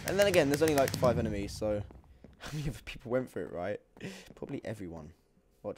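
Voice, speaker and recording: Excitable young man with a lively voice. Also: mid-range voice, fast talker. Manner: excitable, jokey, swings between shouting and muttering. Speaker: gaming YouTuber. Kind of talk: gameplay commentary.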